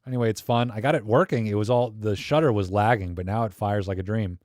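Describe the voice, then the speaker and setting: A man's voice: fairly low pitch, steady tone, quick pace, darkish tone, no echo, clean studio sound. A man hosting a live camera Q&A, chatting in a rambling, enthusiastic, slangy way. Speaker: livestream host. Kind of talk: casual live Q&A chat.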